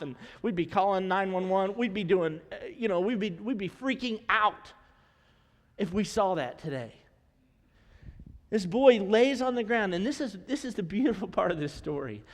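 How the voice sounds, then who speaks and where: A male pastor with a high voice preaches a conversational sermon. He talks to the congregation casually and slips humorous asides between points. His words ring out with a long reverb through the church sanctuary.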